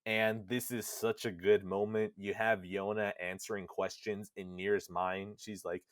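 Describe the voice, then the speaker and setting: A man with a low voice recaps a video game's plot for a podcast at a relaxed, unhurried pace. He is animated and swears casually, and he drops into voices for the characters. The close mic sounds dry, with no room echo. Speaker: podcast co-host. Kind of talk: casual retelling of a game plot.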